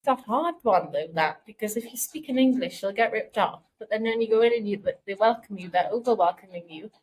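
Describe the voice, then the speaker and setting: Woman podcast co-host, casual, thoughtful explainer, mid-pitched. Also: expressive, brisk, darkish tone, breathy edge. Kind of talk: casual chat.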